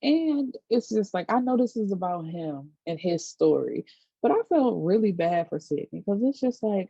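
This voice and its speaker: A woman vlogger casually recapping a TV episode, chatty and animated, acting out quotes and dropping side comments. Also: medium pitch, normal speed, creaky, husky, no echo, muffled recording. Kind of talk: casual chat.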